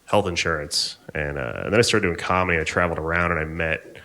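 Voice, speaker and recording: Young man, stand-up comic, live stage set, lowish voice with a bright edge, shambling offhand delivery. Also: quick pace. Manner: laid-back, rambling, offhand. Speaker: stand-up comedian. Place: live comedy venue on stage.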